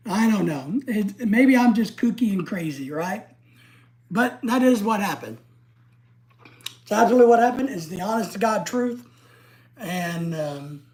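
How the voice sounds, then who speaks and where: A middle-aged woman from the United States hosting a casual livestream, ranting in an excitable, blunt and profane way. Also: on the low side. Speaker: livestream host.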